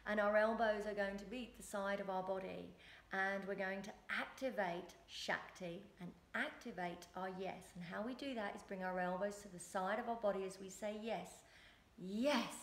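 A woman, a relationship coach and yoga teacher, guiding listeners through a movement and breath practice. Her calm instructions build into loud rhythmic chanting. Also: medium pitch, echoey room.

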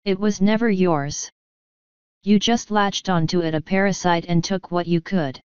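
A young witch girl holds her ground with firm, defiant words, as a woman reads her part. The voice is low and very smooth, with a dry, slightly dull sound. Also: steady tone, a little slow, a little mellow, no room sound, lightly acted.

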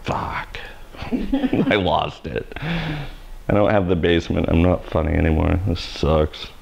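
A man's voice: deep voice, very animated, normal speed, gravelly, a little mellow, lo-fi sound, a little hiss or hum. A man hosting a live haircut tutorial, cracking self-mocking jokes and blunt asides as he cuts. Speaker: hairstylist host of live haircutting show.

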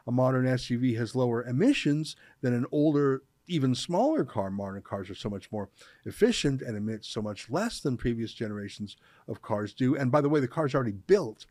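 A middle-aged Canadian man hosting an opinion show, talking in an emphatic, sarcastic way and slowing down to stress his words. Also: medium pitch, lively intonation, a little mellow, dry recording, clean studio sound. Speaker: show host. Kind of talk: opinion commentary.

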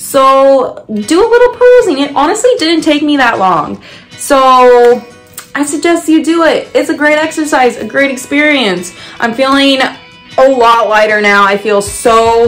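A woman's voice: a little high, fairly bright tone, rough recording. A young woman from California chatting casually and playfully in her own vlog. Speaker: vlogger.

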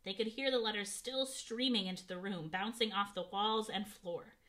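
A woman's voice: mid-range voice, normal speed, fairly bright tone. A woman reading a children's novel aloud, narrating expressively and giving the characters voices. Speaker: audiobook reader.

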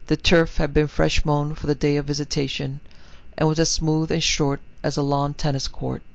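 A man narrating a scripted horror story in a measured, somber, literary manner. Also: fairly high pitch, creaky, muffled recording.

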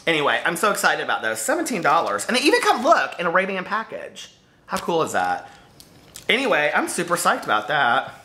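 A woman book vlogger talks casually to camera, gushing and exclaiming often. Her voice is bright and sits at a middling pitch, swooping up and down with lively energy. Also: a little fast.

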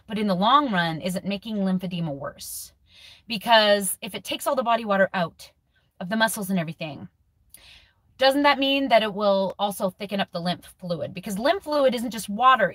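A woman's voice: fairly high pitch, a bit bright, dry recording. Candid woman in her forties, dry sound. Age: 40s. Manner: candid and emotional, thinking aloud with restarts. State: close to tears. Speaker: vlogger. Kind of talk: personal video diary.

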